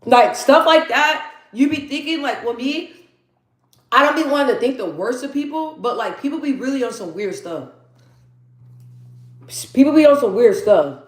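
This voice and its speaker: A thirty-something woman with a high, expressive voice hosts an easygoing live chat at a moderate pace. Storytelling is her style, with repeated lines for emphasis and viewer comments read aloud. The space around her echoes.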